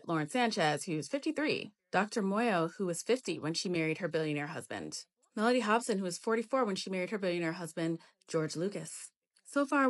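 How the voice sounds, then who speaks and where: A woman making a casual social media monologue, emphatic and energetic, often saying "literally". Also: fairly low pitch.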